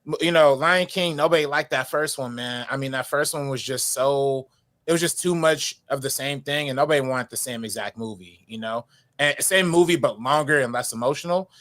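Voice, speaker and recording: A man guesting on a movie podcast talks in a relaxed, casual way, full of slang and "you know" fillers. His voice sits at a mid pitch and his tone is easygoing. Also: fairly quick. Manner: relaxed, slangy, lots of "you know what I'm saying".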